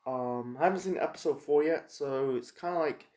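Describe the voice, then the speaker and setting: A man casually reviewing a TV episode, rambling and halting with lots of fillers and restarts. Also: on the high side, dark tone. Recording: echoey room.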